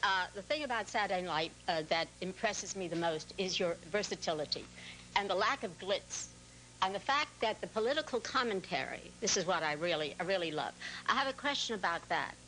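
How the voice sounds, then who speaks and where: A woman's voice: medium pitch, lively intonation, a little fast, a bit bright, slight background noise, low-quality recording. Earnest woman in a studio audience. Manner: earnest, complimentary, hesitant. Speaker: audience member.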